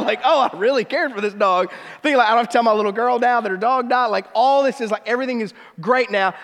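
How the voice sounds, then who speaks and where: A pastor in his thirties tells a story from the pulpit, dropping to hushed tones and then rising with excitement. His voice sits high for a man. The sound rings with the long reverb of a church sanctuary. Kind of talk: sermon with personal story.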